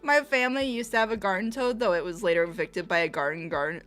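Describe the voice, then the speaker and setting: A woman's voice: mid-range voice, quick pace, few pauses, faint music behind. A woman livestreamer chatting casually while reacting to videos, laughing often. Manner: giggly, laughs often, animated.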